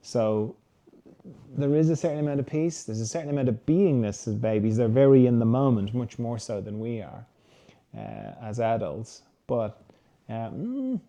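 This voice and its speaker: A man hosting a reflective solo talk, speaking gently and conversationally and sometimes acting out the inner voices of his listeners. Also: medium pitch, big pitch swings, normal speed. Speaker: host.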